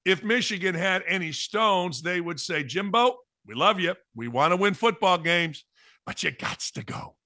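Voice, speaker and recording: A man's voice: high-pitched, sharp tone, no room sound, clean studio sound. A middle-aged man and former coach hosting a sports talk show, brash, blunt and sarcastic in his opinions.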